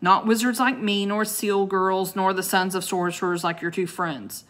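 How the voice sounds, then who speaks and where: A woman voicing a gruff, commanding old male ice wizard who bellows and growls. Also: medium pitch, steady tone, moderate pace, a bit bright, natural voice.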